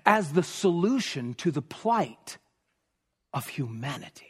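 A man preaching a sermon, emphatic and repetitive, sometimes dropping to a hush for stress. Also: high-pitched, very animated, a little slow, husky. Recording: long reverb of a large hall.

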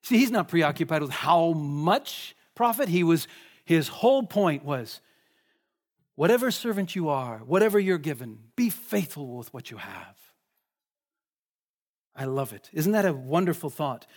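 Pria pengkhotbah bersuara agak tinggi. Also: male voice, a little high, sing-song, measured pace. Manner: conversational, asks the congregation questions. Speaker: preacher. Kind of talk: sermon.

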